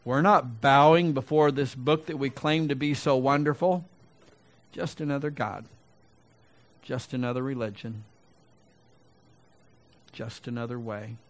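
In this sermon, a man swings from forceful, loud high points down to hushed, low side comments, breaking off to restart and to speak to the congregation. He keeps a measured pace and leaves long pauses.

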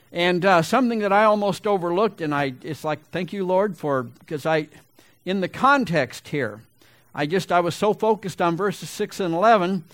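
High-voiced man preaching loudly. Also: no room sound. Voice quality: gravelly. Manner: loud, emphatic preaching that swells to big peaks. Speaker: pastor. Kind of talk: sermon.

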